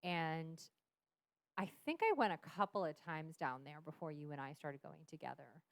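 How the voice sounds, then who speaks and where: A woman in her thirties, appearing as a podcast guest, tells a personal story candidly, swearing a lot and laughing often. Her voice is low and her pace moderate, with no echo.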